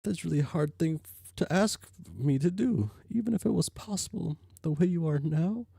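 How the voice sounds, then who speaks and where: A man's voice: a little high, expressive, normal speed, creaky, mellow, breathy edge, no room sound, clean studio sound, heavily acted. A man voicing a patient, coaxing young woman. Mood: reluctant. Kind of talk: reading a webcomic aloud in voices.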